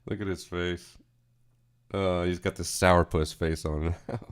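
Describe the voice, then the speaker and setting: A man's voice: sits low, fairly even intonation, unhurried, smooth, faint music behind. A man hosting a casual livestream, chatting in a rambling, profane way. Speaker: livestream host.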